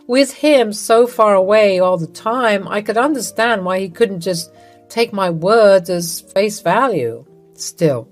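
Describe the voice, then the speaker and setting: A woman narrating a first-person drama story in an even, matter-of-fact reading. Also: on the low side.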